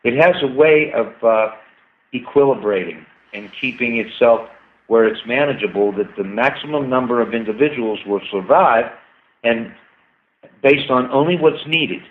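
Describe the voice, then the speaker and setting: A man's voice: medium pitch, moderate pace. A man, a guest scientist, talking at length and with enthusiasm in a casual interview. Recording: tinny phone-like line.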